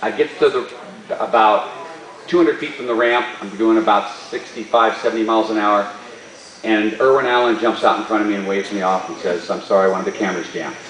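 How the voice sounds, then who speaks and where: A man, a stunt performer, telling a story at a live Q&A in an animated way and laughing often. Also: on the low side, normal speed. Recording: roomy hall, distant mic.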